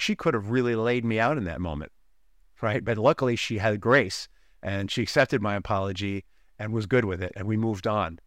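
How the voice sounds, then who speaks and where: A man talks through a podcast monologue as a relationship coach, with a middle-pitched voice. He keeps it conversational, telling his own stories and often tossing in a quick "right?" to the listener. The recording is dry and close, with no room sound. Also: fairly bright tone, no room sound.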